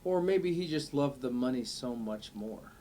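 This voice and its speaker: A man's voice: mid-range voice, lively intonation, moderate pace, mellow. Male co-host, punchy and playful, mid-range voice, faint hiss behind. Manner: emphatic, playful, argumentative. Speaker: podcast co-host. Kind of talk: casual chat.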